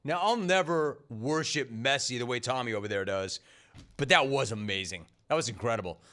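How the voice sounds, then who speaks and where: A man's voice: medium pitch, lively intonation, moderate pace, fairly bright tone. A man hosting a sports talk radio show, riffing and emphatic, on a studio microphone.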